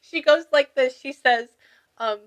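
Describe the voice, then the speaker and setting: A woman working as a spiritual medium who talks excitedly with a client, laughs often and relays what a spirit tells her. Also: high voice, measured pace, low-quality recording. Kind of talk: reading session for a client.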